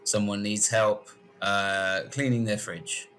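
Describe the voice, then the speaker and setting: A man's voice: fairly low pitch, level tone, slow pace, a bit bright. A man co-hosting a comedy podcast, chatting casually with dry one-line quips and frequent laughter. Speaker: podcast co-host.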